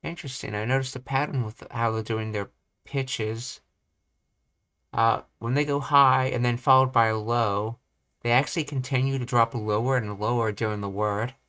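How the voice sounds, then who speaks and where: A young man reading and commenting on language study material, thinking aloud with halting restarts. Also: medium pitch, fairly even intonation, sharp tone. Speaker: language teacher.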